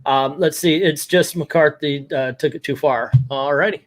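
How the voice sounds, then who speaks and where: A man with a slightly high voice hosts a comic book video at a moderate pace, chatting casually. He retells a story with animation, reading the dialogue and quotes aloud with rising emphasis.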